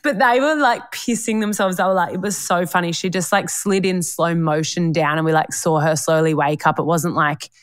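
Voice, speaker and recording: A woman's voice: fairly low pitch, normal speed, hardly any pauses, dry recording. A young woman co-hosting a podcast, chatting casually in slang and laughing often. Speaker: podcast co-host. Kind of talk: casual chat.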